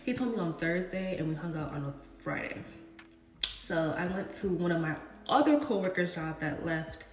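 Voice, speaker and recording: A woman's voice: fairly low pitch, moderate pace. Young woman vlogger doing a chatty storytime, lots of slang, echoey room. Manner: chatty, animated retelling full of slang and acted quotes. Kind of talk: casual storytime while getting ready. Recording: roomy echo with faint music.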